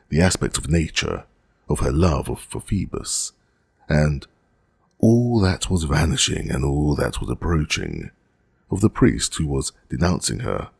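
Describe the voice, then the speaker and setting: A man narrating a classic novel as an audiobook, in a measured, dramatic reading. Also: extremely low pitch, gravelly, slightly rough, dry recording.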